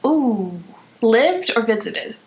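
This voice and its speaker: A young woman co-hosting a casual podcast, answering questions softly with frequent giggles, half-whispering. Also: fairly high pitch, very animated, slow. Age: young adult. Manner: soft-spoken, giggly, stage-whispering. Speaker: podcast co-host being interviewed. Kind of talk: casual chat.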